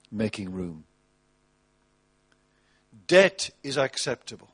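A man delivers a sermon in a high voice. He is animated, mocks with put-on voices, and moves between loud bursts and soft asides. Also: measured pace, pauses often. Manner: animated, mocking with put-on voices, wide swings in loudness. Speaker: pastor.

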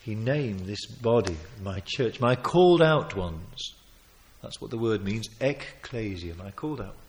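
A man preaching a sermon, emphatic, with sudden loud swells, quiet asides and chuckles as he tells stories. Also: fairly low pitch, animated, measured pace, a little hiss or hum. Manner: chuckles while telling stories.

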